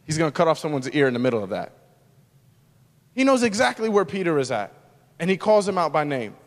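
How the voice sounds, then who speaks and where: A man pastor preaching a sermon, moving between loud, emphatic lines and hushed, quiet ones. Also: a little high, big pitch swings, fairly quick, big-room sound.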